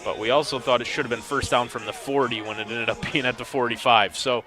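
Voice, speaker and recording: A man's voice: mid-range voice, steady tone, quick pace, bright, forceful tone, soft background music. A man calling a semi-pro football game play by play, with dry, wry asides about confused officiating. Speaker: play-by-play commentator. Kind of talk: sports commentary.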